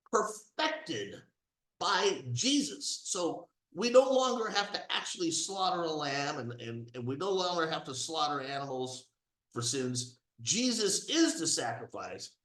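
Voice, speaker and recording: A man talks through a religious and political monologue with real emphasis, his voice swinging widely in pitch. His tone sits a little high for a man and climbs to near-shouts when he gets indignant. The recording rings with the echo of a hard room. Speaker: commentary host.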